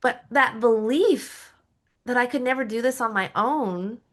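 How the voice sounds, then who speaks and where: A woman's voice: a little high, measured pace. A middle-aged woman, a lifestyle coach and podcast guest, telling her personal story candidly, with frequent laughs and self-deprecating asides.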